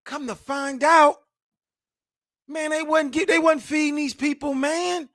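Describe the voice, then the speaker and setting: A man in his forties reacting to news clips as host, animated, emphatic and mocking, full of slang. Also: very high-pitched, unhurried, no echo, clean studio sound.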